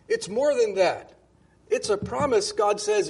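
Man, pastor, sermon, high voice, husky, conversational, emphatic quoting. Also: expressive, a little slow.

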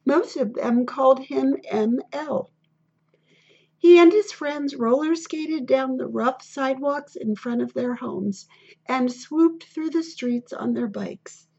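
A woman reads a children's story in a steady, deliberate way. Her voice sits high with a gravelly, husky grain, and she takes her time. The recording sounds dull and lo-fi. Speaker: narrator. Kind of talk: storybook reading.

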